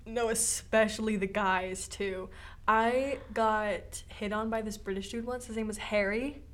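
A woman's voice: medium pitch, steady tone, unhurried. A young woman co-hosting a podcast, chatting casually and using lots of filler words. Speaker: podcast co-host. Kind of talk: casual chat.

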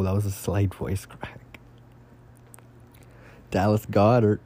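A young man giving casual solo fantasy football commentary, excitable and rambling, swearing often. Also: on the low side, a little slow, long pauses, slight background noise.

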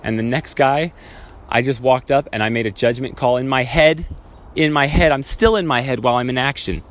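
A man's voice: mid-range voice, a little fast, fairly bright tone, highs cut off. A man hosting a solo podcast, telling a childhood story in a rambling, self-correcting way and acting out scenes from it. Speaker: podcast host.

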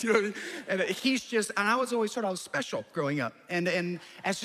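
A high-voiced, bright male pastor tells family stories in a sermon, acting out his kids and wife with sudden jumps in pitch. His voice rings out with a long reverb, as if filling a large church hall. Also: fast talker. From New Jersey. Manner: animated storyteller, acts out family voices.

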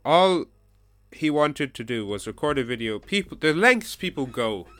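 A man's voice: medium pitch, sing-song, normal speed, fairly bright tone, no echo. A man hosting a casual podcast chat, reading out a news story and insisting his friends listen. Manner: reads news articles aloud to friends. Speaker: podcast host.

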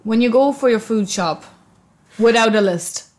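A young woman in casual chat, animated and laughing, acting out other people as she tells stories. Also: normal speed. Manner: animated, laughing, acts out others in loud high voices.

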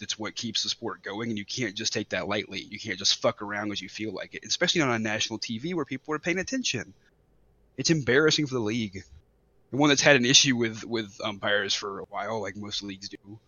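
Male co-host, bright tense voice, dry dull lo-fi mic, stammers and swears. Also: fairly low pitch. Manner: stammering, heated, swears freely. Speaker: podcast co-host. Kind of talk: casual podcast chat.

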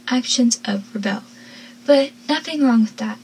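A woman's voice: high voice, unhurried, a little mellow, slight background noise. A teenage girl recapping a TV episode in casual commentary, giggly and chatty with lots of "like" fillers.

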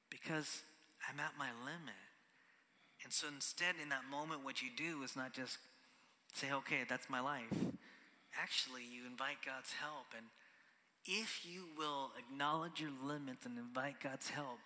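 Man preaching with a bright, ringing voice. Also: mid-range voice, moderate pace. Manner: conversational preaching, often ends on "right?", drops to a whisper for emphasis. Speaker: pastor. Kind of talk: sermon. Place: large church hall. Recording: church hall with long reverb.

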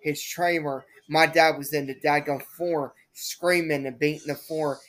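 In a casual solo podcast monologue, the young adult host speaks slowly in a low, fairly even voice. Her talk wanders and repeats, thick with fillers.

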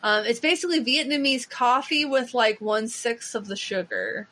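Woman chatting on a podcast, kinda high voice, gushy and rambly. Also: sing-song, normal speed, pushed and bright. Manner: chatty and enthusiastic, lots of "like" fillers. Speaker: podcast host. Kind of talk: casual chat.

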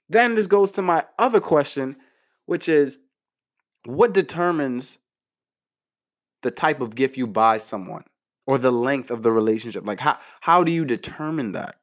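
A young man casually giving relationship advice to the camera in a playful, slangy way, jumping up in pitch for mock outrage. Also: expressive, moderate pace.

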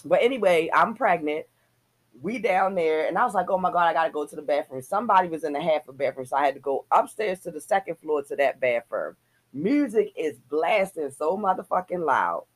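A woman co-hosting a casual chat, telling an animated story and swearing freely. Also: low voice, moderate pace. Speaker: podcast co-host.

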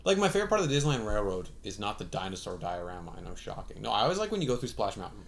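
A man in casual chat, talking in an eager, expressive way. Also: fairly low pitch, rapid-fire, vocal fry, slight background noise.

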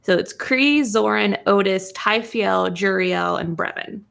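Gravelly-voiced woman co-hosting a podcast. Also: medium pitch, fairly bright tone. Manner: playful, giggly, quick to joke. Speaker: podcast co-host. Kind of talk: casual chat.

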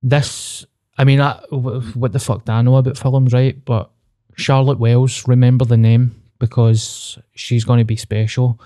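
A Glaswegian man chats on his podcast in a blunt, sweary way, speaking openly about his own struggles. His voice is dark and mellow, recorded dry and close. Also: medium pitch, level tone, a little slow, no echo. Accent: Glaswegian Scottish. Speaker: podcast co-host. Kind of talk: casual podcast chat.

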